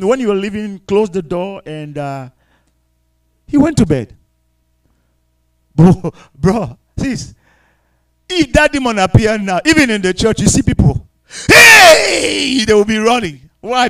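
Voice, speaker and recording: Brief: male preacher, high lively voice, repeats and shouts for emphasis. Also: low-quality recording. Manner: emphatic, repetitive preaching with sudden shouts and hushed asides; speaks in tongues between points. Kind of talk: sermon.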